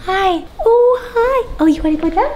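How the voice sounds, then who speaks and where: A woman's voice: very high-pitched, lively intonation, moderate pace, a little mellow. A young woman using cooing, sing-song baby talk with a puppy. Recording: roomy, noisy background.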